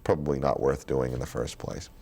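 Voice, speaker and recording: A man being interviewed as a guest actor, telling stories in a casual, animated way and slipping into other voices. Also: a bass voice, brisk, vocal fry. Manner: animated storytelling, slips into voices.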